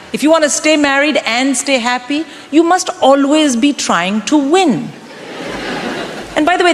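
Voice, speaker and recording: A woman in her forties performing a stand-up comedy set, delivering wry, deadpan punchlines to a crowd. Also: fairly high pitch. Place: comedy club stage. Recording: live room with long reverb and background noise.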